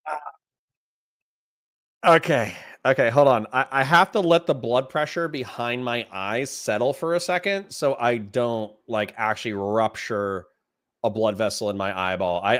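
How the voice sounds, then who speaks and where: A man's voice: mid-range voice, no room sound, studio quality. A man commenting on a clip during a live stream, reading chat messages aloud and reacting with exasperation.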